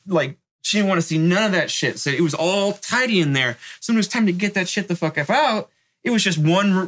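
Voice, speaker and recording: A man from Northern California tells his story in a bright, slightly high voice. He speaks in rough street slang and loose, animated asides, and he keeps checking in with "right?" as he goes. He sounds like a middle-aged interview guest spinning a yarn. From North Bay, California.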